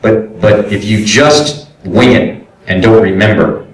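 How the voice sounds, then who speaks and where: A man and voice actor giving a convention panel talk, animated and acting out quoted directors and clients. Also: on the low side, slow, slight background noise. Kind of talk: casual panel talk with audience questions. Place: convention hall. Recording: echoey hall, voice picked up from far off.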